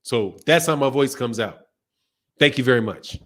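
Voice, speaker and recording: A man hosting a boxing channel live stream, ranting loudly and profanely and laughing often. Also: medium pitch, normal speed. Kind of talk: casual live-stream rant.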